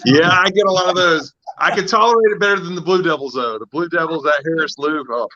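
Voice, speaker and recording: Bright-voiced man hosting a live stream. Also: fairly high pitch, quick pace. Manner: chatty, teasing, storytelling. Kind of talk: casual chat. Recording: lo-fi stream audio.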